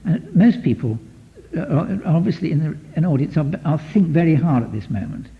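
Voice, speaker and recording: Male therapist lecturer, animated and rambling, on a dull archive recording. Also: fairly high pitch, moderate pace, gravelly. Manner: lively, digressive, many restarts, taps out rhythms. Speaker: psychotherapist giving a lecture. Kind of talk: lecture to an audience.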